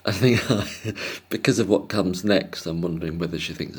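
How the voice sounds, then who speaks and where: A man's voice: low-pitched, moderate pace, slightly rough. A man telling a casual, rambling story to camera, hesitant and self-deprecating, chuckling often. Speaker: vlogger.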